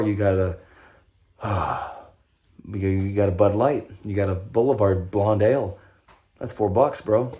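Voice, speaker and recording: This vlogger, a young man with a lowish, mellow voice, tells his recovery story in a loose, wandering monologue. He curses a lot and frequently stops partway through sentences.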